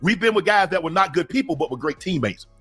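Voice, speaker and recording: A man's voice: high-pitched, lively intonation, quick pace, a bit bright, husky, faint music behind. A middle-aged man, a former football player, co-hosting a casual sports talk show and making emphatic points that often start with repeated words.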